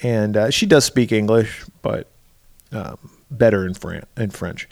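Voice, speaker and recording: A man's voice: fairly low pitch, a little slow, creaky, darkish tone, no room sound, clean studio sound. A man co-hosting a podcast, casually retelling a film's plot with lots of fillers and swearing. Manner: loose, profane, recaps plot with filler words. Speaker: podcast co-host. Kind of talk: casual movie-recap chat.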